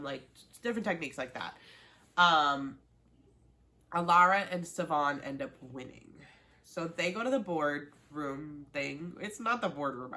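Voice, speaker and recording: A young woman with a slightly low voice gives a casual, gossipy recap. She talks in an animated, friendly way, quoting people and breaking off into asides. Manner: chatty and animated, lots of "like" and quoted reactions. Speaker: reality TV recap host.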